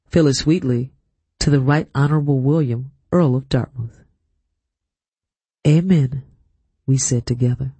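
A man reading a first-person story aloud as an audiobook narrator, in a measured, unhurried storytelling delivery. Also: mid-range voice, mellow, breathy edge, no echo. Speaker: audiobook reader.

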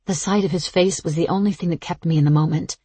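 A woman giving slow, intimate, first-person audiobook narration. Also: on the low side, fairly even intonation, warm tone, slightly rough, dry recording.

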